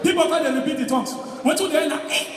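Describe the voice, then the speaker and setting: A man with a Nigerian accent doing live stand-up, telling stories in Pidgin with loud, animated delivery and shouted punchlines. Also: very high voice, rapid-fire. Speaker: stand-up comedian. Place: large hall with live audience. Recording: echoey hall recording from far off, crowd noise.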